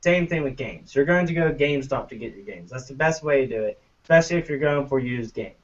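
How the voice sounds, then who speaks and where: A man's voice: mid-range voice, expressive, fast talker. Profane ranting man, distant lo-fi mic. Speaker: podcast co-host. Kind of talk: casual ranting chat.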